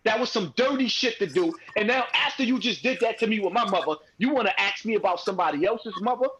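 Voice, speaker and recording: A man's voice: high-pitched, animated, fast talker, fairly bright tone, husky, muffled recording. A man arguing heatedly as a guest on a live call-in stream, repeating himself as he presses his point. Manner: heated, confrontational, repeats phrases.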